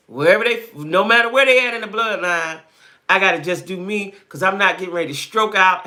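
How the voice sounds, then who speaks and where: A woman's voice: fairly low pitch, pushed and bright. A woman hosting a casual live stream, talking straight to her viewers, repeating herself for emphasis and answering their comments as they come in. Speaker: livestream host.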